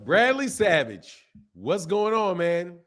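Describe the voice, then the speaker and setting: A man's voice: high-pitched, slow. A man hosting a live boxing stream, chatting casually and reading out viewers' names from the chat. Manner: animated, talkative, reads chat names aloud. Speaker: boxing channel host.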